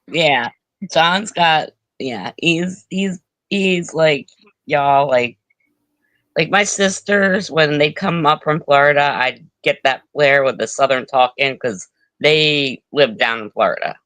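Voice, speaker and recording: A woman from Pennsylvania co-hosting a casual livestream chat, speaking haltingly and often repeating words. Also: low voice, fairly bright tone, no room sound.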